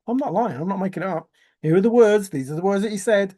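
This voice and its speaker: A man's voice: high-pitched, fast talker, mellow. A man rambling in a teasing, giggly solo monologue, often laughing and repeating words. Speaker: treasure-hunt video maker.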